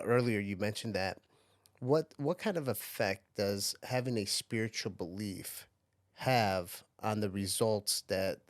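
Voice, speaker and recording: A man's voice: lowish voice, no room sound. Man, podcast host, affirming, asks follow-ups, dry close recording. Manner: affirming, asks follow-up questions with small restarts. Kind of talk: casual interview conversation.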